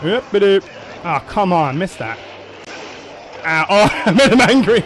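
A man commentating on his own gameplay, excitable, swearing, shouting and laughing at the action. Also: sits high, a little slow, a little hiss or hum, rough recording. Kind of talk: let's play commentary.

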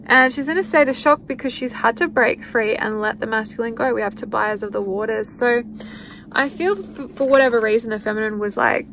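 A woman with a slightly high voice walks through a spiritual card reading in a loose, chatty way. She keeps slipping into quoted thoughts for the people in the reading. A faint hiss sits under the recording. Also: brisk, fairly bright tone, low-quality recording. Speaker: tarot card reader.

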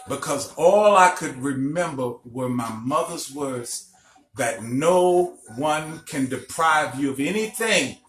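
Middle-aged male teacher from Illinois, emphatic storyteller, unhurried delivery, echoey room with faint music. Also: mid-range voice, fairly bright tone. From Illinois, USA. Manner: emphatic storyteller, checks in with listeners. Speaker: spiritual teacher. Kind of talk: recorded lecture broadcast.

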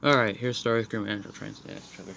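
Man with a low, gravelly voice for a toy review, rambling and annoyed; noisy home recording. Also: fairly even intonation, fast talker, bright, forceful tone. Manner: rambling, apologetic, frustrated. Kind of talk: casual toy review walkthrough. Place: room in a house.

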